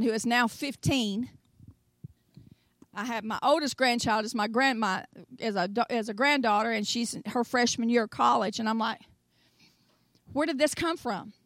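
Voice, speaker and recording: Lively older Tennessee woman preaching. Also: a little high, no room sound. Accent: Southern US, Tennessee. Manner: animated storytelling, acts out voices, swings from soft asides to loud exclamations. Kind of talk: sermon.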